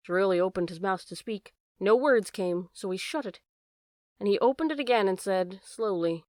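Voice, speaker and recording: A woman's voice: medium pitch, moderate pace, no echo, studio quality. Woman reading a short story aloud. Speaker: reader. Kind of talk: audiobook narration of a short story.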